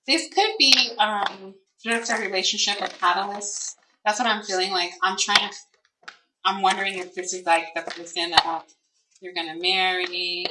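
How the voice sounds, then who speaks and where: A woman's voice: mid-range voice, fairly even intonation, normal speed. A woman giving a casual card reading, musing and hesitant, speaking aloud to Spirit with many fillers. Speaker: tarot and oracle card reader. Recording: echoey room, distant mic, faint noise.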